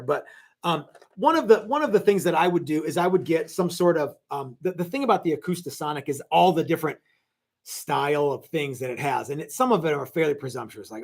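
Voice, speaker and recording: A man hosts a laid-back live stream from his guitar workshop. His voice sits a little high for a man, and he rambles through viewer questions, restarting sentences, piling on fillers and tossing in jokes. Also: creaky. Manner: rambling, chatty, lots of fillers and restarts, joking. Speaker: guitar shop owner hosting a live stream.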